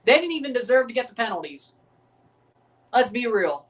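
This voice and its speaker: A man's voice: very high-pitched, very animated, moderate pace, recorded from a distance. A man hosting a live sports watchalong, ranting profanely and repeating himself. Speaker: livestream watchalong host. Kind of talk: live sports reaction rant. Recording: voice a bit off the mic.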